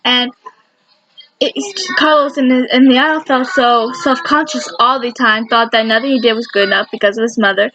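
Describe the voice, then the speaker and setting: In a rambling, enthusiastic fan commentary countdown, a woman who makes fan videos keeps correcting herself. Her voice is on the high side with a steady tone and moderate pace, and the recording sounds dull and lo-fi with faint noise.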